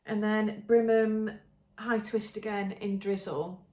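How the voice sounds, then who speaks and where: A woman's voice: mid-range voice, fairly even intonation, takes it slowly, darkish tone. An English woman hosting a podcast, chatting casually and enthusiastically with many ums and restarts. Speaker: podcast host showing knitting. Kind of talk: casual show-and-tell chat. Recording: roomy echo.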